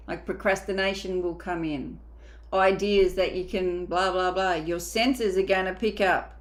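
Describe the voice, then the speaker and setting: A woman's voice: lowish voice, steady tone, a little slow. A woman mindset coach giving a motivational coaching talk, emphatic and casual, sometimes acting out inner voices.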